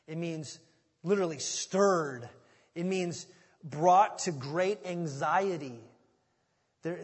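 Animated male preacher, high husky voice, sermon, goes from loud bursts to soft asides. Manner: animated, swings from loud excitement to hushed asides. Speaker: pastor. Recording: long reverb of a large hall.

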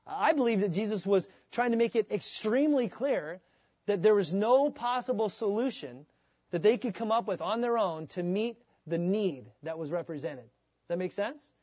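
A man preaching a sermon as pastor, in a conversational, animated way, sometimes acting out the voices of the people he quotes. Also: high voice, moderate pace, no echo.

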